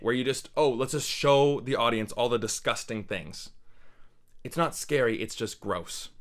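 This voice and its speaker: A man's voice: medium pitch, a bit bright. Young guy ranting about a movie, blunt, rambly, off the cuff. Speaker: movie reviewer. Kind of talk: casual unscripted review.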